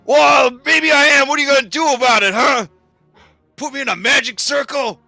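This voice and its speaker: A man voicing a weary, grumbling god-blooded warrior who speaks low and solemn. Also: animated, takes it slowly, pushed and bright, dry recording, faint music behind, heavily acted. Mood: defiant.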